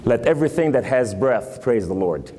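A man's voice: medium pitch, animated, normal speed, dark tone, long reverb tail, a little hiss or hum. A man with a New York accent preaching an emphatic sermon in a church, quoting scripture.

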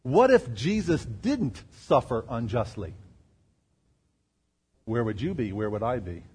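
Husky-voiced preacher man, emphatic and dynamic. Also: big pitch swings, unhurried. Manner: asks the crowd rhetorical questions; swings between loud emphasis and quiet lows. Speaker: pastor. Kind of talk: sermon.

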